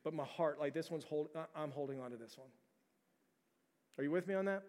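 A pastor in his thirties delivers a sermon in a casual, conversational manner, restarting and repeating phrases before building to emphatic peaks. His voice is fairly high for a man, brisk and somewhat dark in tone. A long reverb from the church sanctuary hangs on the sound.

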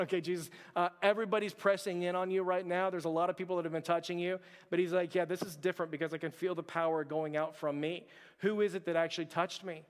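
A pastor with a high voice preaches an earnest, conversational sermon, calling out to the congregation again and again. His words ring out with a long reverb from the hall around him.

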